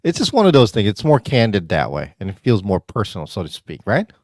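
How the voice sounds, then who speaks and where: A man's voice: on the low side, wildly swooping pitch, a little fast, dry recording, studio quality. A man in his fifties from the Philippines, co-hosting a casual podcast over a video call, joking and laughing often. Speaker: podcast co-host. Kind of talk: casual chat.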